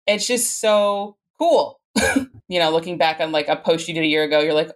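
A woman in her thirties speaks as a podcast guest in a low, deep voice. Her manner is casual and enthusiastic, with many "like"s. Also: steady tone, moderate pace. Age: 30s. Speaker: guest, content creator. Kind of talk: podcast interview.

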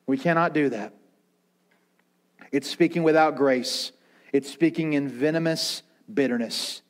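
A man pastor preaching a sermon, swinging from intense raised passages to hushed quiet ones and acting out voices as he retells. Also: a little high, unhurried, long pauses. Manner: preaching with rising intensity and dramatic quiet drops; acts out quoted voices in his retelling.

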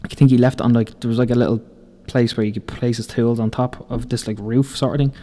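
A man's voice: mid-range voice, fairly even intonation, fairly quick, dark tone. A young Irish man in his twenties hosting a podcast, telling rambling, profane stories from building sites and laughing through them. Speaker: podcast host. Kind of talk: casual storytelling.

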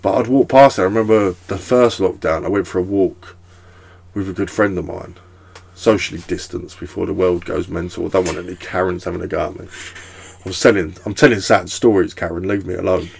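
A man's voice: deep voice, fairly even intonation, a little fast, gravelly, slight background noise. A young man hosting a podcast, chatting casually in a rambling way with lots of fillers and swearing. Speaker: podcast host. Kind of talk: casual chat.

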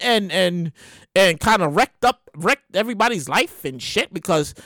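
A woman's voice: medium pitch, very animated, fast talker, a bit bright, no echo, studio quality. A woman hosting a podcast in casual comedic commentary, exclaiming and repeating herself. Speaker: podcast host.

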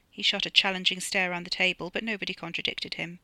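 A woman reading her own novella aloud in a measured, even way. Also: lowish voice, dry recording. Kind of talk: audiobook narration.

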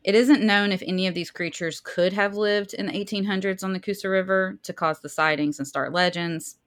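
A woman's voice: mid-range voice, steady tone, a little fast, a bit bright. A woman with a Southern accent, co-hosting a podcast and chatting casually while reading out research, laughing easily and stumbling over hard words. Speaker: podcast co-host.

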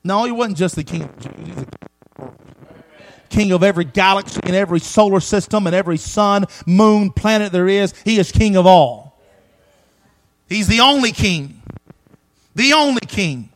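A man preaching a sermon with emphatic repetition, swinging between loud declarations and hushed asides, and calling on the congregation for responses. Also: high-pitched, animated, moderate pace, long pauses, low-quality recording.

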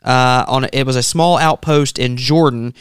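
Smooth-voiced male show host. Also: medium pitch, steady tone, normal speed, no room sound, clean studio sound. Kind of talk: talk show hosting and news reading.

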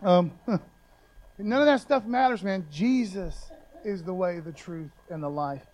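High-voiced man preaching a casual sermon. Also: unhurried, darkish tone, low-quality recording. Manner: conversational, loose slang, frequent check-ins with listeners.

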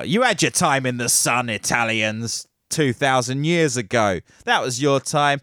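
A man's voice: medium pitch, animated, unhurried, few pauses, sharp tone, dry recording, studio quality. A man hosting a podcast, giving theatrical, sarcastic solo commentary on tech news. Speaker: podcast host.

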